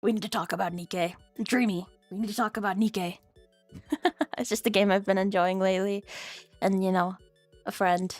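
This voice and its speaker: A young adult woman streaming, chatting casually with viewers, rambling and giggly, swearing freely and jumping into squeaky high bits. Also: little pitch movement, normal speed, no echo, faint music behind.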